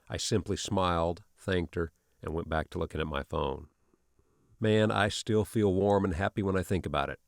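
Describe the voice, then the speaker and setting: A man narrating online stories and comments in a steady, even reading delivery. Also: deep voice, gravelly, no echo, clean studio sound. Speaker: channel narrator.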